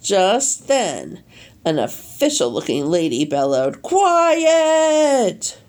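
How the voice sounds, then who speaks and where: A woman reading a children's storybook aloud, animated and deliberate. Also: on the low side, gravelly. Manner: animated, slow and deliberate, leaning into sound effects. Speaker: storybook reader. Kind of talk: expressive read-aloud storytelling.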